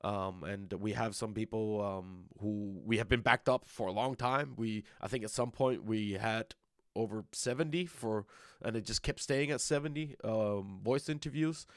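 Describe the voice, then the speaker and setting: A man's voice: fairly low pitch, normal speed, dry recording, studio quality. Rambling male roleplay staff lead. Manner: rambling, stop-start, repeats words. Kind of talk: casual community meeting talk.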